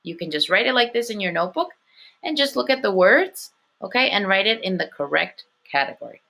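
A woman's voice: mid-range voice, sing-song, fairly quick, gravelly, bright, forceful tone. A woman teaching an elementary school phonics lesson, patient, sounding words out and checking in with "okay" after each point. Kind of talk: recorded online phonics lesson.

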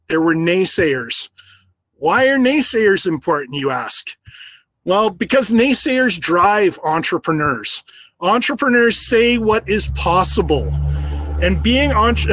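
A man with a rather high voice, recorded close and dry. He delivers a prepared speech in an earnest storytelling tone, slowing down to stress key phrases. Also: a bit bright, no room sound. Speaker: business owner giving an awards speech.

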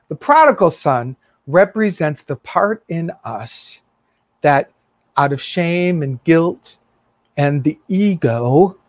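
A man's voice: high-pitched, dry recording. A man pastor giving a sermon, telling a story vividly and earnestly inviting listeners in. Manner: vivid storytelling, acting out quotes.

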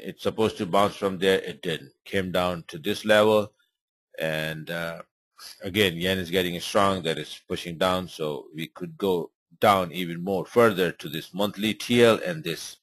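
A man's voice: low voice, a little slow, a bit bright, no echo. A man hosting a forex trading webinar, talking casually over charts in loose, rambling English full of fillers. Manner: rambling and informal, many fillers. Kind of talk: live webinar chart commentary.

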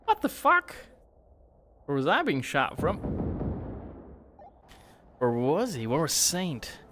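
A man's voice: fairly high pitch, big pitch swings, slow pace, background noise. A man streaming a shooter game live, swearing and muttering to himself as he plays. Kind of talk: live gameplay chat.

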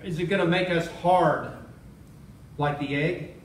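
A man's voice: on the high side, a little slow, reverberant, recorded from a distance, a little hiss or hum, poor audio. A man preaching a sermon as pastor, telling a story and repeating key phrases for emphasis. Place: church sanctuary.

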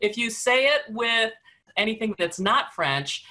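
A woman's voice: fairly high pitch, animated, unhurried, bright, forceful tone. Wry, opinionated woman host. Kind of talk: casual web conference discussion.

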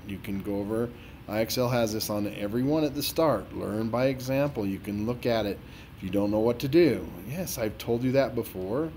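A man with a middle-pitched voice plays an exasperated math teacher helping a student one to one. He scolds and needles the student with sarcasm as he explains each step. Faint room noise sits under the voice. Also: mellow. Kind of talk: dramatized tutoring walkthrough.

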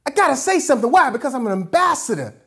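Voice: high-pitched, very animated, racing, gravelly, fairly bright tone, husky. A pastor preaching a sermon in a casual, colloquial way, emphatic, repeating key phrases and answering their own questions.

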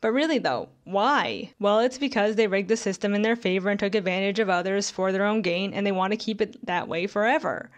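A woman's voice: mid-range voice, a little fast, few pauses. A young woman reading a scripted video essay in a critical, conversational way, with sarcastic asides.

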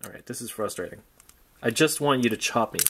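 A man's voice: medium pitch, animated, brisk, a bit bright, slight background noise. A man giving casual unboxing commentary on old action figures, rambling with wry, jokey asides. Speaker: toy collector vlogger.

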